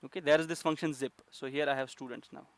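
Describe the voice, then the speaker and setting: A man's voice: medium pitch, steady tone, fast, a little hiss or hum. A man teaching a coding lesson, explaining step by step with frequent fillers and restarts. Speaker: programming instructor.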